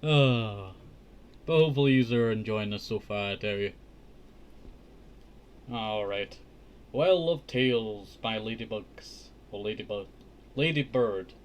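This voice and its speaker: A man's voice: fairly low pitch, expressive, takes it slowly, long pauses, a little hiss or hum. A man hosting a casual storybook reading, breaking off into chatty, joking asides. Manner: chatty, joking asides, says "I tell you" often. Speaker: host reading a children's book.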